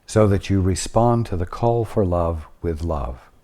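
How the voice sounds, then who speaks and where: A man leads a spiritual teaching session in a deep, low voice. He speaks slowly and deliberately, letting long pauses sit between phrases, and his tone is mellow and warm. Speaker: spiritual teacher channeling at a study group.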